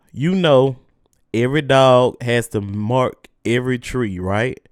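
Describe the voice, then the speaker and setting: A man's voice: medium pitch, takes it slowly, smooth, no room sound, studio quality. A man hosting a solo podcast, ranting casually and profanely with heated energy while his mouth burns from spicy food. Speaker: podcast host.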